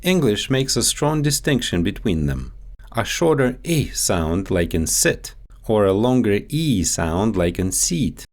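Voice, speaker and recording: A man speaking as a dialect coach, giving a measured, explanatory scripted instructional voice-over. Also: fairly low pitch, big pitch swings, a little mellow.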